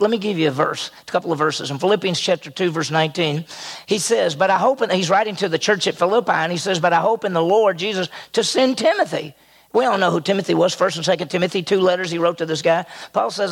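An older male pastor delivers a sermon in a high, gravelly voice. He is animated and acts out the quotes he tells with sudden jumps in pitch.

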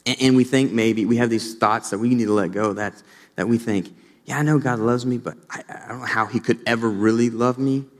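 An earnest young man delivers a sermon as pastor, his mid-pitched voice carrying through a hall with a long reverb. He grows animated when he tells stories. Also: a little fast.

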